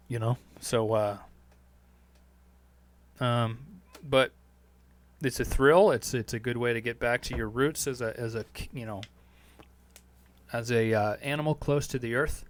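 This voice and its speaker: A man's voice: medium pitch, a bit bright. A man hosting a podcast, answering listener questions in a loose monologue that is profane and full of fillers. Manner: rambling, profane, heavy on fillers. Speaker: podcast host.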